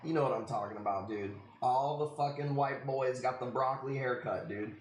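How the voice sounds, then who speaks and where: A man's voice: medium pitch, moderate pace, a little hiss or hum. Profane, rambling man streaming, echoey room. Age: 30s. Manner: rambling, profane, says "dude" constantly. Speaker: livestream host. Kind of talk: casual live-stream chat.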